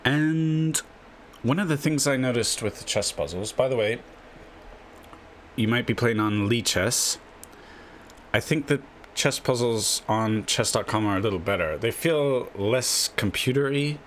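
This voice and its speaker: A man's voice: mid-range voice, unhurried, a little hiss or hum. A man hosting a casual chess video, rambling through his tips at his desk and tagging his lines with a questioning "yeah?". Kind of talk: casual screen-share explainer.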